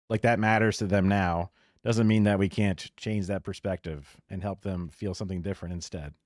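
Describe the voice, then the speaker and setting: A man with a lowish, slightly mellow voice hosts a live reaction stream from his home setup, recorded clean with no echo. He talks casually and opinionatedly, mixing profane rants with chuckles.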